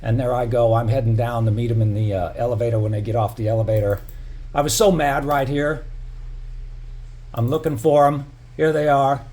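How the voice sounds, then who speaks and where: A man's voice: medium pitch, fairly even intonation, brisk, darkish tone. A middle-aged man telling a story in a casual vlog, heated and profane, full of "you know" fillers. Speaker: building resident narrating security footage.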